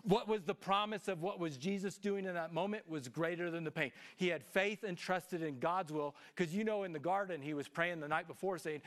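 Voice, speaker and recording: A middle-aged man preaching a sermon as pastor, animated and swinging between hushed lines and shouts. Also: high voice, fairly quick, hardly any pauses.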